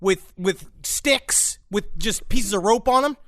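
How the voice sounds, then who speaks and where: A man's voice: sits high, slow pace, a bit bright, no echo, clean studio sound. A man co-hosting a comedy podcast, riffing in a rambling, silly way. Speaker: podcast co-host.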